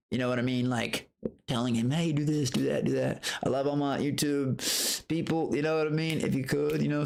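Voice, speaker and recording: A man streaming live, telling a story in a profane, animated rant, breaking into high outbursts and greeting viewers from chat. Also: vocal fry. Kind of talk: casual livestream rant.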